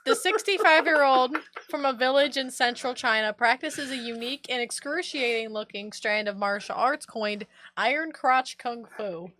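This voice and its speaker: A woman's voice: on the high side, moderate pace, hardly any pauses, sharp tone. A woman co-hosting a casual podcast, reading a news story aloud and breaking off to joke about it. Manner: reads news aloud with laughing asides.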